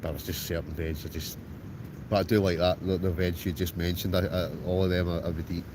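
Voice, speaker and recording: Over a noisy backdrop, a low-pitched male voice with little pitch movement talks a little fast. He's an Ayrshire-accented Scottish host on a livestream, casually chatting and answering viewers by name from a tent outdoors during a storm at night.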